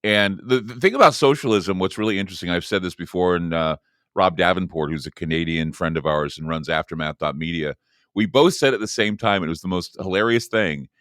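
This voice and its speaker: Rambling low-voiced talk radio host. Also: male voice, brisk, fairly bright tone, clear, resonant tone, dry recording, clean studio sound. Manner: rambling and emphatic, with many restarts.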